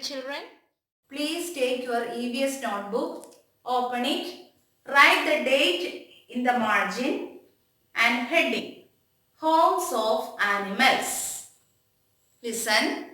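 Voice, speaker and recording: Slow, bright-voiced woman teacher dictating. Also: a little high. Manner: slow, deliberate dictation, repeating each word. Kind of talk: online class for young children. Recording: echoey room.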